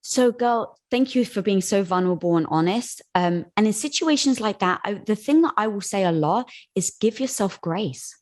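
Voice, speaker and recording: Woman guest, mid-pitched, casual and encouraging, giving friendly advice. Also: expressive, normal speed, hardly any pauses, darkish tone. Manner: casual and encouraging, calls the host "girl". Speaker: interview guest.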